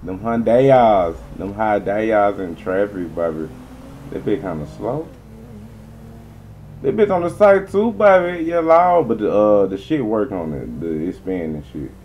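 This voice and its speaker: A man's voice: lowish voice, huge pitch swings, a little slow, darkish tone, slight background noise, low-quality recording. A man giving rambling, profane gameplay commentary as he talks to his viewers. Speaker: gaming streamer.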